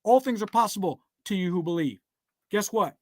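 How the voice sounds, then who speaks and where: A man with a notably high speaking voice gives a motivational speech that mixes business success with scripture. He talks emphatically, keeps asking his listeners to write things down and keeps checking in with "all right?" The sound is dry, with no room echo. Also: animated, moderate pace. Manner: repeats "guess what" and "all right".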